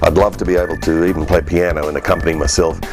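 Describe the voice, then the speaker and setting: An older voice artist talks in a deep, unhurried way. He rambles comfortably through his answers with easy fillers. Music runs underneath him. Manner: relaxed, rambling, chatty. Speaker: voice artist and comedian guest. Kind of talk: interview answers.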